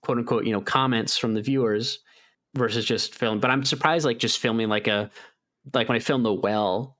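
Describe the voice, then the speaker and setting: A man's voice: medium pitch, moderate pace, fairly bright tone. A man co-hosting a gaming podcast in casual chat, rambling with lots of "like" and acting out his own reactions in a raised voice. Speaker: podcast co-host.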